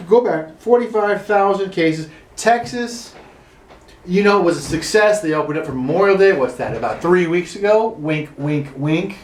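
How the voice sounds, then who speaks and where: A man's voice: high-pitched, lively intonation, normal speed, echoey room. A standup comedian man ranting sarcastically from his room, swearing and building into mock outrage. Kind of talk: solo comic rant.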